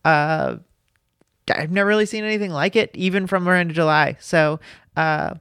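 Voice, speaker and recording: Smooth-voiced man chatting about movies. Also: on the high side, normal speed, a bit bright, no room sound, clean studio sound. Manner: rambling, filler-heavy, laughs often. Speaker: podcast co-host. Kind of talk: casual chat about movies.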